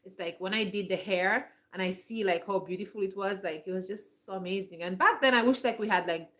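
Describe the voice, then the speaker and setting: A homestead vlogger in her forties, with a medium-pitched, slightly bright voice and a brisk pace, gives a casual, reflective monologue. She rambles, restarting sentences often and filling them with "like."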